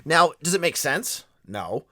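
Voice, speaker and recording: Animated Boston-accented sports podcast host. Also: male voice, a little high, measured pace, dry recording, clean studio sound. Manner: animated, opinionated, with restarts. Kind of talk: casual sports podcast commentary.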